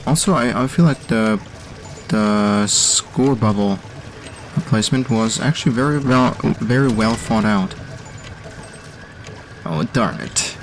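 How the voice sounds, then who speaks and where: A young man with a German accent giving let's-play commentary on game levels, halting and full of pauses and fillers. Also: lowish voice, a little hiss or hum. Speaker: host reviewing community game levels.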